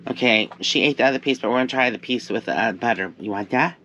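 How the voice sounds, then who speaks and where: Male vlogger, bright and sunny tone, chatty and upbeat, faint outdoor noise. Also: medium pitch, fast, muffled recording. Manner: chatty, cheerful, coos at pets. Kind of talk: casual gardening vlog. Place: outdoors at an RV camp.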